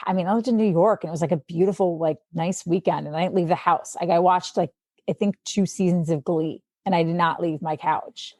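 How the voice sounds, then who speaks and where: A woman with a Midwestern accent, a sports anchor, chatting as a podcast guest and telling stories in a lively way. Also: fairly low pitch, no room sound. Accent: Midwestern American. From Milwaukee, Wisconsin. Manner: chatty, animated storyteller. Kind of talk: casual interview chat.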